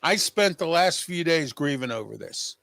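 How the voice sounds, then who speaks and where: A man's voice: on the high side, lively intonation, moderate pace, vocal fry, a bit bright, no echo. A man hosting his own show, talking straight to viewers in an agitated, emphatic way and repeating his points. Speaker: show host. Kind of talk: personal monologue to viewers.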